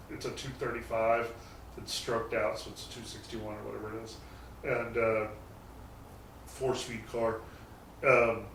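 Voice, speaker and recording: A man's voice: medium pitch, a bit bright. A man talking casually as a guest, telling rambling stories about his garage shop with the odd curse word. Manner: rambling anecdotes with mild swearing. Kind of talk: casual storytelling chat. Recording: echoey garage, distant mic, faint noise.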